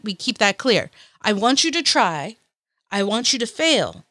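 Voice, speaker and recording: A woman's voice: on the high side, fairly bright tone, no room sound, clean studio sound. A woman hosting a motivational podcast, talking in an upbeat, encouraging and chatty way. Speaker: podcast host.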